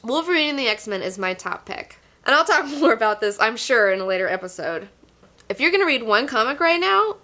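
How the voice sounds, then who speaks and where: A woman's voice: fairly high pitch, sing-song, fairly quick, over loud music. A young woman hosting a comic book show, talking in a casual, gushing, profane review monologue with lots of fillers.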